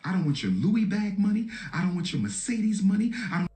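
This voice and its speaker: A man's voice: high-pitched, big pitch swings, fairly quick, dark tone, echoey room. A man giving an impassioned public speech, pleading and repeating his appeal over and over. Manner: repetitive, pleading exhortation. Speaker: speaker in a played clip.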